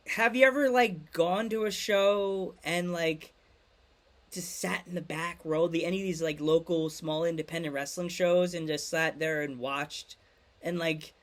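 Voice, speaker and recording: A podcast host asking slow, halting questions full of fillers in a casual interview. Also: medium pitch.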